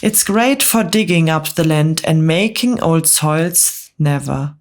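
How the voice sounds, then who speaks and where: A woman softly voicing a friendly young boy in a whispered role-play bedtime story. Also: low voice, animated, noisy background, full character voice. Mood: earnest. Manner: soft, slow, gentle. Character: boy hero, friendly and eager.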